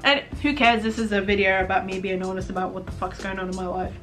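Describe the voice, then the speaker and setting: A woman's voice: mid-range voice, fairly even intonation, fast talker, hardly any pauses, a bit bright, faint music behind. A young adult woman vlogging candidly about her life, rambling and swearing casually. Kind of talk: candid personal vlog talk.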